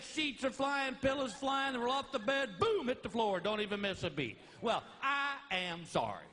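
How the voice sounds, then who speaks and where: A middle-aged man doing a stand-up comedy routine, telling stories animatedly and jumping into high put-on voices for others. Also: moderate pace, hardly any pauses. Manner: animated storytelling with high-pitched put-on voices for wife and dog. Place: large theater stage with a laughing audience. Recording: live concert recording with audience noise.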